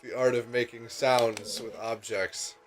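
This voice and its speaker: A man's voice: medium pitch, level tone, unhurried, soft background music. Laughing, rambling young guy gaming. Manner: rambling, laughing, swearing storyteller. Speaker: let's play co-host, student. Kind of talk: casual gaming chat. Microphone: microphone set on a bucket.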